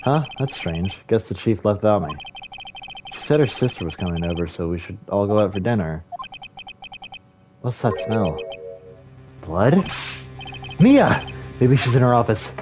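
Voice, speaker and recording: A man's voice: fairly low pitch, lively intonation, moderate pace, pauses often, over music, lightly acted. A man voicing a nervous young male defense attorney who speaks in an uneasy, hesitant way.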